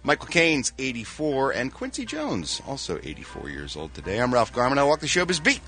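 A man's voice: mid-range voice, fairly quick, music in the background. A man hosting a showbiz news segment on a morning radio show, talking in a playful, teasing way. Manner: playful, teasing, animated delivery. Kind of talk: casual morning radio chat.

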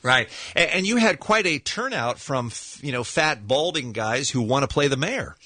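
A man hosting a morning radio show, asking questions in quick lively bursts. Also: medium pitch, breathy edge, no room sound.

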